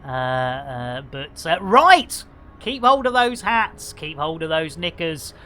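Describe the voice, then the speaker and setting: A man's voice: on the high side, big pitch swings, slow, bright, forceful tone. A man commentating his live game stream with jokey, punning banter for his viewers.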